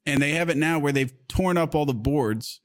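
A man in his thirties chatting casually on a podcast, telling profane stories with lively impressions of others. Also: normal speed. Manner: profane, animated storyteller, acting out others' lines in a high voice. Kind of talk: casual chat, storytelling.

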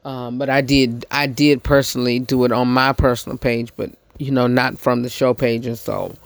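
A man hosting a podcast, giving a casual commentary monologue, halting and repeating himself with many fillers. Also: medium pitch, level tone, no room sound. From United States. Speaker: podcast host.

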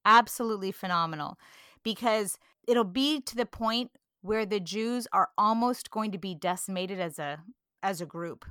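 Bright-voiced woman, earnest and animated. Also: mid-range voice, normal speed, smooth, no echo, clean studio sound. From California. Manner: earnest, animated, laughs easily. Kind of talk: casual religious discussion.

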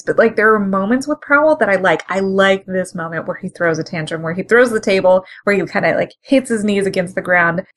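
A woman co-hosting a podcast, chatting casually and animatedly as she recaps a comic book. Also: medium pitch. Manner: chatty and animated, with frequent fillers and laughter. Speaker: podcast co-host.

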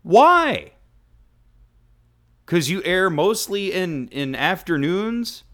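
A man hosting a talk radio show, delivering a sarcastic, mocking rant. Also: mid-range voice. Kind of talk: opinion radio monologue.

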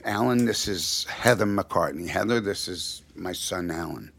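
A middle-aged man, a music producer, telling an animated story and acting out the quotes, with many restarts. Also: deep voice, unhurried, gravelly. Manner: acts out quotes, restarts often.

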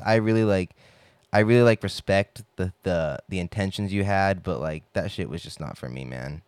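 A man's voice: lowish voice, smooth, no echo, clean studio sound. A young man telling stories in a casual podcast monologue, rambling and swearing with lots of filler words.

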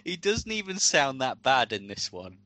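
Bright-toned man chatting on a podcast. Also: mid-range voice, big pitch swings, normal speed. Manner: chatty, explanatory asides. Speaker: podcast co-host. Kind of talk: casual chat.

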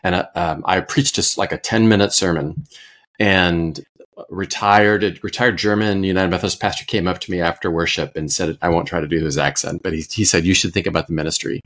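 A man in his fifties, originally from Iowa, tells how he came to the ministry with a low, settled voice. He speaks thoughtfully and pokes fun at himself, often pausing and restarting mid-sentence. He is a pastor, guest on a podcast. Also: steady tone, a bit bright. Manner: thoughtful, self-deprecating, with frequent fillers and restarts. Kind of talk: relaxed conversational storytelling.

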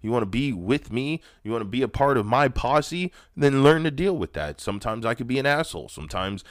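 A man's voice: medium pitch, expressive, a little fast, no echo, clean studio sound. A man in his thirties hosting a podcast, giving a candid personal monologue in a blunt, profane, emphatic way, often restarting his sentences. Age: 30s. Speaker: podcast host.

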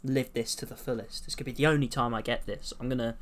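A man's voice: mid-range voice, steady tone, fast. Dry-witted young man, crowd noise behind. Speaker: podcast co-host. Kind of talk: casual chat.

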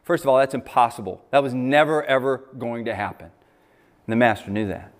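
A man's voice: mid-range voice, a little fast. An American man preaching a sermon as pastor, reading scripture and adding emphatic asides.

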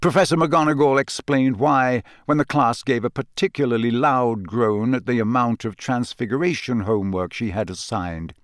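A man reading an audiobook in steady, even scripted narration. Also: medium pitch, moderate pace, hardly any pauses, no room sound, studio quality.

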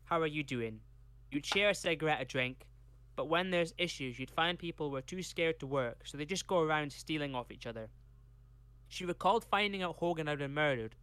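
Scottish man, podcast co-host, smooth resonant voice, fairly high, reads a script with chatty asides. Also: a bit bright, no room sound. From Scotland. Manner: reads a prepared script, breaks off for chatty tangents. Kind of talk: reading case notes with casual asides.

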